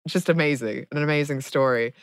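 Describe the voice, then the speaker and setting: A woman's voice: deep voice, a little fast, no room sound, studio quality. A woman co-hosting a podcast in a bubbly, enthusiastic casual chat. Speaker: podcast co-host, voice actor.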